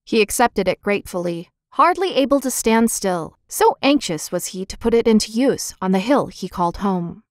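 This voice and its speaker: A woman narrating a children's storybook in a lively, expressive reading, voicing the characters' lines. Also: mid-range voice, normal speed, dry recording, clean studio sound. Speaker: audiobook narrator.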